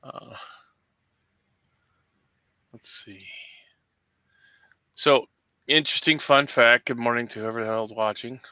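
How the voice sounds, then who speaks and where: A man hosting a morning livestream, swearing through angry, shouting tirades. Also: medium pitch, steady tone, takes it slowly, pauses often, smooth, dry recording, muffled recording. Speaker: host. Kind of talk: profane morning livestream rant.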